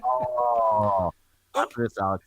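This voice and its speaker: A man's voice: lowish voice, steady tone, takes it slowly, a bit bright. A man in a casual podcast chat, enthusiastic and full of swearing. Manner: enthusiastic and profane, swears freely.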